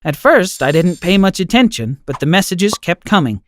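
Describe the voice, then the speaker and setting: Tts narrator doing sweet calm granny, soothing, kinda bouncy voice. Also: female voice, fairly low pitch, normal speed, pitched above the performer's own voice. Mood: gentle. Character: kind gentle grandmother, forgiving and calm.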